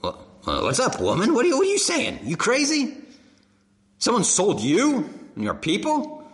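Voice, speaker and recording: A man's voice: very high-pitched, huge pitch swings, normal speed, a bit bright, voice pushed up, heavily acted. A man voicing a shocked, bewildered Persian king who stammers in disbelief. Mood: baffled outrage. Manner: sputtering, incredulous. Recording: echoey hall.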